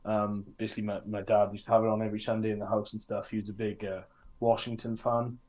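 A man's voice: on the low side, little pitch movement, quick pace, darkish tone. A man chatting on a sports podcast, upbeat and teasing. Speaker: podcast co-host. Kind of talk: casual chat.

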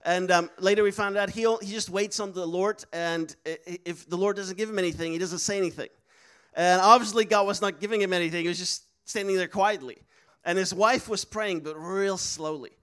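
A man's voice: high voice, steady tone, a little fast, a bit bright, smooth. A man preaching a sermon, telling a story with laughs and acting out the voices of people he quotes. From Netherlands.

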